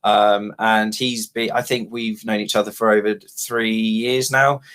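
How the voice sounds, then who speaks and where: A man's voice: on the low side, little pitch movement, measured pace, fairly bright tone. A man, a guild founder chatting casually on a livestream, rambling and self-deprecating with many ums. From England.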